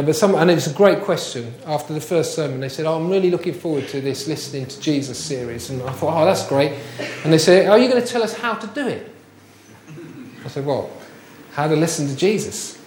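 A man's voice: fairly high pitch, darkish tone, reverberant, a little hiss or hum. A man preaching a sermon, chatty and full of rhetorical questions. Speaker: pastor.

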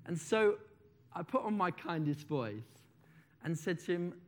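A man preaching a sermon, swinging between loud declarations and soft, slowed phrases, and reading a testimony aloud with feeling. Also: sits high, lively intonation.

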